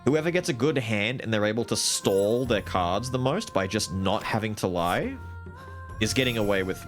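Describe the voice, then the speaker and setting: A man streaming a card game live, narrating his strategy, swearing and trash-talking the other players, with bursts of loud excitement. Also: fairly low pitch. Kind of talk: live gaming commentary.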